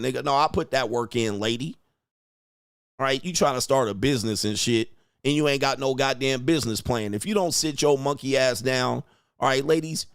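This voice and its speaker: A mid-range male voice, studio quality with no room sound, belongs to a relationship coach running a livestream commentary rant. He's profane and mocking, emphatic throughout, and chuckles at his own jokes.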